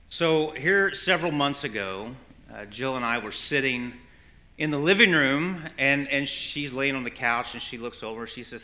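A man's voice: mid-range voice, animated, moderate pace, pushed and bright. A man preaching a conversational sermon, an earnest, folksy pastor who often restarts his phrases. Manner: earnest, folksy storytelling with repeated starts.

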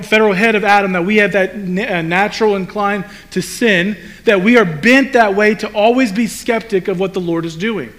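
A man's voice: high voice, a bit bright. A man preaching a sermon to a room of people, speaking conversationally with rhetorical questions and acted-out quotes. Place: room with a congregation.

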